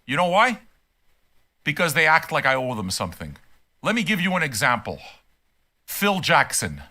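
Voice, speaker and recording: An older man with a high, bright voice that swings widely in pitch. He talks bluntly and swears freely. His rants keep climbing into angry shouts. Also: wildly swooping pitch, normal speed. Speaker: music reaction host. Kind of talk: profane rant on a music reaction stream.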